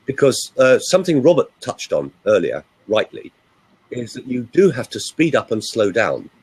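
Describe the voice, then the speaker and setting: A man who works as a voice coach, telling stories and giving advice in a lively, expressive way. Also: mid-range voice, moderate pace, a little hiss or hum, rough recording. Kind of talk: animated storytelling and coaching talk.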